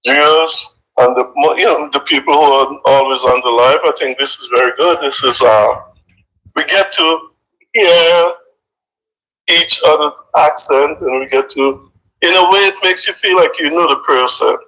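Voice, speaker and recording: An older man with a faded Vincentian accent calls in over a tinny phone line. His voice is fairly high and bright, and he stumbles and repeats words as he feels his way through each thought. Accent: Vincentian, softened by decades in the US. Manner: halting, repeats words often, chuckles. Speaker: caller. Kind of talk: casual phone-in chat.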